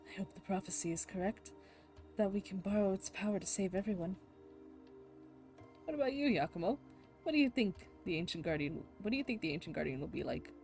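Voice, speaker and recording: A woman plays through a story game and reads every line aloud herself, narration and characters alike. She often breaks off into loud, laughing reactions. Faint game music plays quietly behind her voice. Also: mid-range voice, lively intonation, fairly quick. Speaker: game streamer voicing the story. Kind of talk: reading game dialogue aloud with live reactions.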